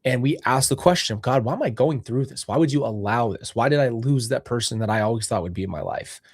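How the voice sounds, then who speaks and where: Seated indoors, a young podcast host reflects on faith in an earnest, rambling way, correcting himself and restarting sentences as he thinks aloud. His middle-pitched, slightly rough voice has lively intonation and a fast pace. The recording is dry and close, without room echo.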